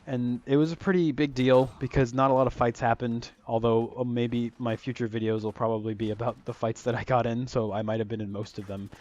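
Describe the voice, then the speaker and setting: A man's voice: medium pitch, flat delivery, fairly quick, few pauses, darkish tone. A young man telling a casual storytime about his school days, rambling with lots of fillers and swearing freely. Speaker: storytelling vlogger. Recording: dull lo-fi recording.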